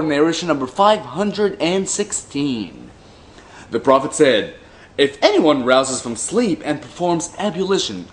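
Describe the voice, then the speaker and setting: A man reading religious texts aloud in a slow, deliberate way, breaking off for mocking, dry asides. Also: a little high. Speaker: commentator reading hadith aloud.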